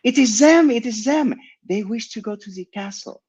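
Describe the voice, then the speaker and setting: A man voicing a bubbly little French girl of about twelve, with a thick French accent and a squeaky voice. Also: big pitch swings, measured pace, husky, dull audio. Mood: bubbly, playful.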